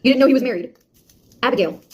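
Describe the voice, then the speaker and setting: A woman's voice: a little high, quick pace, darkish tone, husky. An actress playing a sarcastic young woman, a beta tester who mocks and scolds a nosy AI in a one-sided audio drama. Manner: mocking, taunting, exasperated.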